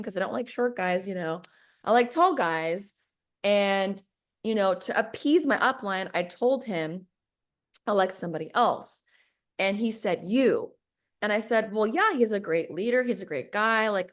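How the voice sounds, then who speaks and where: A woman recounts a personal story in a casual podcast conversation. She acts out what each person said and often breaks into laughter. Her voice sits in a middle pitch.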